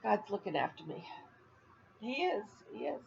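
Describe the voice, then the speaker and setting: A woman's voice: medium pitch, very animated, moderate pace, vocal fry, highs cut off, a little hiss or hum. An older woman from Florida chatting casually on a home video vlog, rambling and laughing at her own jokes. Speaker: vlogger. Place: at home, indoors.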